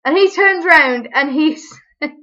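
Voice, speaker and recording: Young woman, high pitch, chatty, animated. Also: lo-fi sound. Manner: animated, chatty, quick asides. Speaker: vlogger. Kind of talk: casual storytelling.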